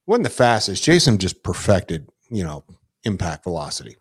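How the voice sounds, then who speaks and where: Low-voiced man telling a rambling story. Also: very animated, normal speed, husky. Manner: rambling, swears freely, many fillers and restarts. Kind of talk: casual chat.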